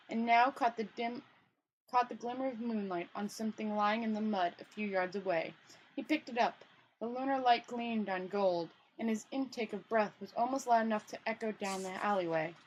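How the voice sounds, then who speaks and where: A woman reads a novel aloud in a relaxed, casual manner, often stumbling over words and going back to reread them. Her voice sits somewhat high, with a faint room hum behind her. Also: poor audio. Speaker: storyteller.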